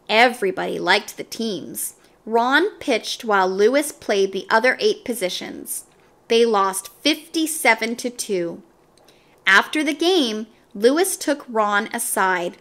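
A woman reading a children's chapter book aloud, with expressive, animated narration. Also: on the high side, takes it slowly. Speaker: storybook reader.

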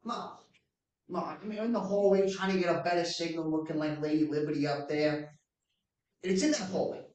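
A man's voice: a little high, steady tone, a little fast, darkish tone, pitched above the performer's own voice, close to an everyday voice. Brash, slangy streetwise witness played by a man for a mock trial; very echoey, distant mic. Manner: folksy, slangy grammar. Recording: echoey room from far off.

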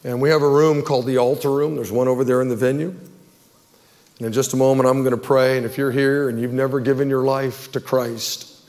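A man preaching to his congregation in a mid-pitched voice, earnest and pleading. His words ring out with a long hall echo around them, as in a big church sanctuary. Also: level tone, fairly quick, darkish tone. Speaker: pastor. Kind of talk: sermon altar call and prayer.

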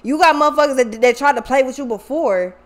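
Her voice sits high and moves fast as she delivers a casual tarot reading. She's blunt and profane, stresses her points hard, and keeps repeating her words.

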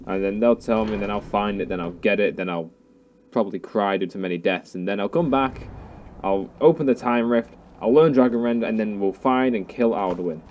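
A man's voice: fairly low pitch, moderate pace, muffled recording, slight background noise. A young man giving casual, goofy, self-mocking let's play commentary. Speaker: gaming youtuber.

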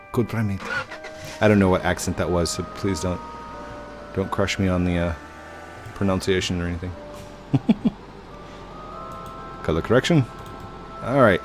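A man hosting a gaming channel, giving chatty, rambling gameplay commentary and humming to himself. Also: low-pitched. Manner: chatty, rambling, hums and self-corrects. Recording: game music under voice.

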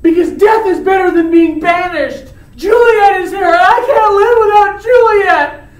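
A woman voicing a desperate, lovesick young man who shouts and pleads in a dramatic, wailing way. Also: very high-pitched, slow, pitched above the performer's own voice, exaggerated voice. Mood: desperate pleading. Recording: roomy, from far off.

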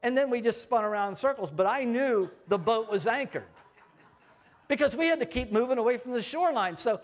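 A middle-aged male pastor whose voice sits high for a man, preaching in a church. He slips easily from scripture into chatty personal anecdotes, animated and conversational. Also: a little fast. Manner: chatty storytelling, animated swings in loudness. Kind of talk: sermon with personal stories. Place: church sanctuary.

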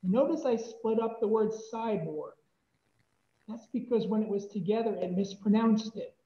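A presenter giving a relaxed, chatty tech demo at a club meetup. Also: medium pitch, normal speed. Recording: echoey, dull room mic.

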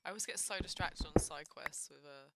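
A young woman streams herself playing a video game from a computer in a room at home, her low voice a little fast and full of vocal fry. Her casual commentary is nervous and jumpy as she talks to herself and swears, with loud background noise in the recording.

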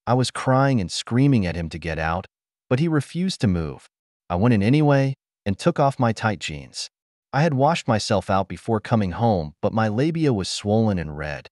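Brief: male audiobook narrator, lower voice with lively intonation, dry close sound. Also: normal speed, dry recording. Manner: first-person storytelling, expressive.

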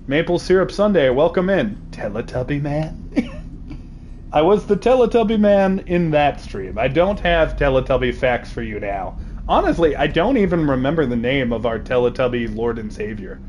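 A male streamer talking through a game live, with a lively, swinging voice that sits a bit high for a man. He jokes and chats with viewers as he plays. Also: moderate pace, slight background noise. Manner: joking, chatty, reading out chat. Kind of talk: casual live game commentary.

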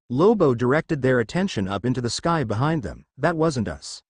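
A man narrating a fan fiction story in a steady, expressive reading voice. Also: medium pitch, no room sound.

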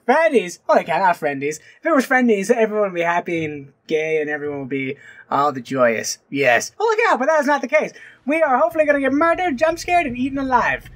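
A man's voice: high voice, very animated, fairly quick, fairly bright tone, soft background music. A man hosting a horror let's play, joking and exclaiming as he reacts to the game. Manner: jumpy, exclaiming and joking at the screen. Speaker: gaming video host.

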